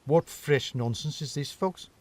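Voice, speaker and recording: A man voicing a gruff rabbit who talks bluntly and dismissively. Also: fairly high pitch, measured pace, a little mellow. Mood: scoffing. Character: gruff, scoffing male rabbit.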